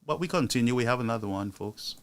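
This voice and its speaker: A man hosting a political commentary show, talking to his audience with indignation and rising into loud outbursts. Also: medium pitch, lively intonation, fast. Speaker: news commentary host.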